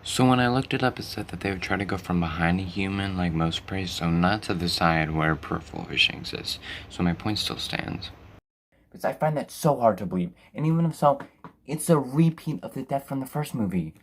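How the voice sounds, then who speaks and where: A man's voice: low-pitched, expressive, fairly quick, a little hiss or hum. A man reviewing a film in a sarcastic, profane, exasperated rant. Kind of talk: ranting film review commentary.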